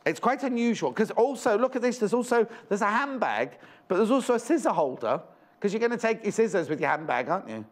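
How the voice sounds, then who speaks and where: A man's voice: sits high, big pitch swings, fast. A man presenting a live shopping show in a studio, chatty and rambling with jokey asides.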